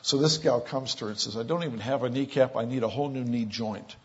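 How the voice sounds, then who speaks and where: A man preaching a sermon, telling stories with an animated delivery that gets loud for the lines he quotes. His voice is husky, and the recording is dull and lo-fi. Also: mid-range voice, fast talker. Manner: animated storyteller, rising loud for quoted exclamations. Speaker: pastor. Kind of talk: sermon storytelling. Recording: dull lo-fi sound.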